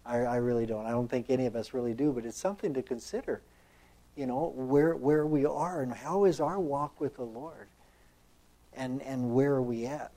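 A man's voice: medium pitch, moderate pace, mellow. A man preaching a sermon in a reflective, conversational way, full of fillers and restarts as he reads and comments on scripture.

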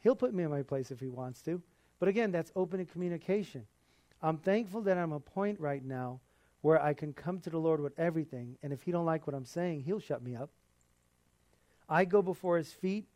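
His sermon comes across as animated and fairly quick, his mellow, slightly high voice staying conversational while he chuckles now and then. The sound is intimate and dry, free of room reverberation.

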